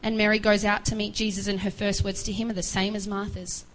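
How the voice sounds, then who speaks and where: A woman's voice: mid-range voice, little pitch movement, a little fast, hardly any pauses, low-quality recording. A woman preaching a sermon, retelling a Bible story earnestly and acting out the voices of its figures with pleading rises.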